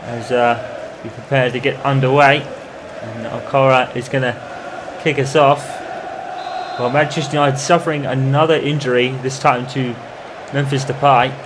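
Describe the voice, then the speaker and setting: A man commentating over his own football video game in the style of a match broadcaster, calm between plays and erupting into shouts when a goal goes in. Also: medium pitch, noisy background. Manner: excitable, bursts into shouting on goals. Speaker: gamer doing mock football commentary. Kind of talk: playful imitation of match commentary over gameplay.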